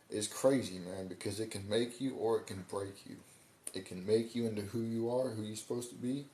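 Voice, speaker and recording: A man's voice: on the low side, warm tone. A man hosting a casual livestream, talking in a laid-back, slangy way and stumbling over his words now and then. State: hiccups. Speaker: livestream host. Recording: roomy echo, faint background noise.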